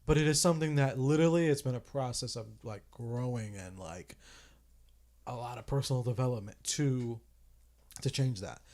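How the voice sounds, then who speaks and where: A man's voice: medium pitch, normal speed, a little mellow. Earnest young man, casual swearing. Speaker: podcast co-host. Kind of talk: casual chat.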